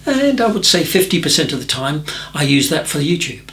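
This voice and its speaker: A middle-aged man answering viewer questions in a relaxed watercolour tutorial, chatty and self-deprecating with gentle jokes. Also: on the high side, fairly quick.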